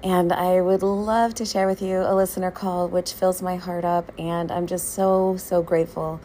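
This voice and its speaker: A woman hosts a podcast in an effusive, animated manner, her voice sitting a little low. Faint noise hums behind her. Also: moderate pace. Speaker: podcast host and therapist. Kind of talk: podcast monologue.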